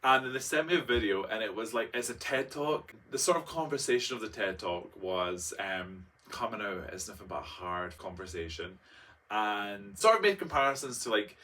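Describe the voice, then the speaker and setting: Chatty young man, bright voice. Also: on the low side, expressive, moderate pace. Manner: chatty, dramatic, full of fillers and mock-quotes. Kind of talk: casual storytelling vlog. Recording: voice a bit far from the mic.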